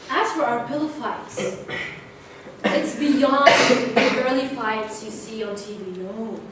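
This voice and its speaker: Speaking slowly in a fairly high, steady voice, a young club speaker delivers a prepared speech built around a playful story she tells with animation. It's recorded in an echoey meeting room on a distant mic, with noise in the background.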